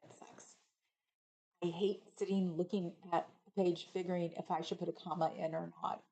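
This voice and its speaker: A woman's voice: fairly low pitch, little pitch movement, normal speed, creaky, mellow, poor audio. A middle-aged woman from California hosting a livestream, chatting casually and reading viewer comments aloud. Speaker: livestream host reading chat. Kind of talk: casual rambling chat.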